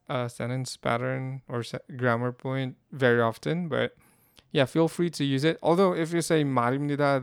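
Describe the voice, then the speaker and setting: Guy teaching a casual lesson, very smooth clear voice, dry close sound, stops and restarts a lot. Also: mid-range voice, no echo. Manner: explains haltingly with restarts and fillers. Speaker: language teacher.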